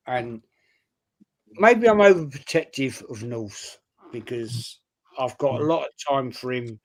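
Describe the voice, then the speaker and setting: A middle-aged man in casual conversation, soft-spoken and reflective, giving short replies. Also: mid-range voice. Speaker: stream regular.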